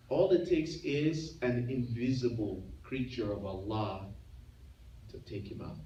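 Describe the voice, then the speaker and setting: A man preaches a Friday sermon in a slightly high voice, firing off rhetorical questions and mimicking boastful tyrants. The sound is muffled and roomy, picked up from a distance in a prayer hall. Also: a little mellow. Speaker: imam.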